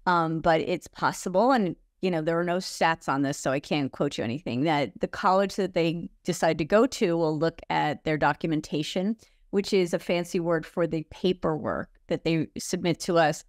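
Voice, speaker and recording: A woman with a fairly low voice talks as an expert guest, explaining procedures in an easy conversational way. She fills pauses with "um" and corrects herself as she goes. The recording is dry and close. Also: dry recording. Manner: explanatory, many fillers and self-corrections. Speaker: guest expert on college disability services. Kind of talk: conversational interview.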